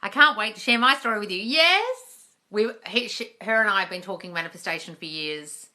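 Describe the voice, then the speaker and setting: A woman's voice: medium pitch, expressive, brisk, bright, forceful tone. A young woman coach answering viewer questions in a casual live stream, chatty and blunt, swearing now and then. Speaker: manifestation coach.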